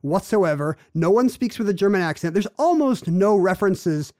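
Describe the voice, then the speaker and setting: Male podcast host, high voice, wry comic chat. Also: animated, darkish tone. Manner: wry, quick jokes. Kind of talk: casual comedic chat.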